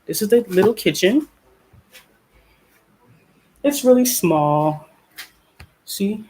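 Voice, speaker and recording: Speaking slowly at a medium pitch, a middle-aged woman from the United States walks viewers through her small apartment in a casual vlog. She holds the phone camera herself and vents bluntly, staying animated and laughing often.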